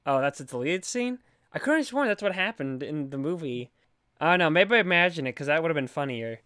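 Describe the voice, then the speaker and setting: A man with a clear, fairly high voice, sarcastic and goofy as he recaps a movie and spins mock conspiracy theories. His voice is crisp and close to the mic, with a dry sound and no room echo. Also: expressive, a little fast, a bit bright. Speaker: podcast co-host. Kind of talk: casual movie recap chat.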